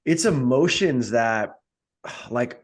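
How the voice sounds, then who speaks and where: A man co-hosting a podcast in casual chat, speaking haltingly and with many fillers. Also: medium pitch, lively intonation. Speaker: podcast co-host.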